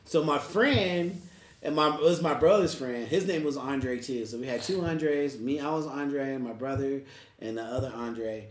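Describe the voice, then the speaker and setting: A man's voice: mid-range voice, moderate pace, reverberant. A man telling a casual, funny personal story, often laughing as he talks. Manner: laughs through his telling, loose casual speech. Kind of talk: casual anecdote.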